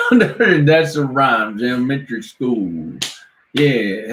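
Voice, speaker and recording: Rambling man, slow and echoey. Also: mid-range voice. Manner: rambling, laughs at own silly rhymes, slow sing-song chanting. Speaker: vlogger. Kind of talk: rambling live-stream chat. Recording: roomy echo, faint background noise.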